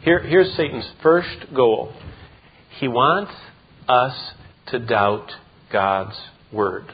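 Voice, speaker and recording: A man preaching a sermon as pastor, emphatic, with repeated words and quick asides. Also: medium pitch, lively intonation, husky. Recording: dull lo-fi sound.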